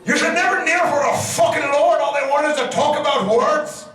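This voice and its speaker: A man's voice: extremely high pitch, normal speed, fairly bright tone, pitched above the performer's own voice. A man voicing a boisterous male wildling warrior, raised and brash, at a live comedy reading. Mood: rowdy. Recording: distant mic, echoey convention hall, audience.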